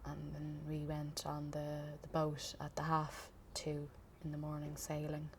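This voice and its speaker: A young Irish woman giving a documentary interview, recounting events in a measured, steady way. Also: sits low, slight background noise.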